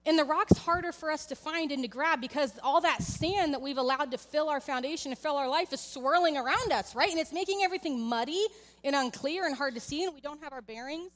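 A woman's voice: sits high, fairly quick, fairly bright tone, long reverb tail. A woman in her thirties giving a conversational sermon in a church, telling a candid family story and talking directly to the congregation. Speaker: church speaker. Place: church sanctuary.

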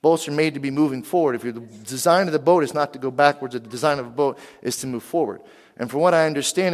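A middle-aged man from western Pennsylvania preaches a sermon at an even middle pitch. He talks in an animated way and keeps asking the congregation questions. His voice rings with the long reverb of a large hall. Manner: animated, asks the crowd questions.

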